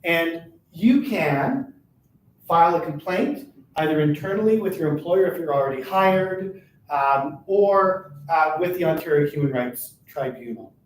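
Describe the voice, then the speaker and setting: An older man giving a live workshop talk, who talks fast and keeps checking in with "right?". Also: fairly high pitch, lively intonation. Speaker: workshop presenter for a workers' advocacy centre. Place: meeting room at a chamber of commerce. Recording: roomy, distant, faint noise.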